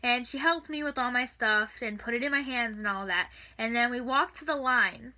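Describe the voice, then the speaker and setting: A teenage girl telling a storytime in a casual, chatty vlog, full of "like" and "and stuff", with the odd soft aside. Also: a little high, moderate pace. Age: teens. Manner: chatty, filler-heavy with frequent "like" and "and stuff". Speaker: vlogger.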